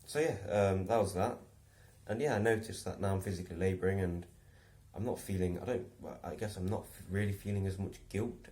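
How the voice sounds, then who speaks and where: A man's voice: on the low side, dark tone. Rambling man telling a story. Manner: rambling, with many restarts and chuckles. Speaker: vlogger. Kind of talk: casual storytelling, then reflective musing.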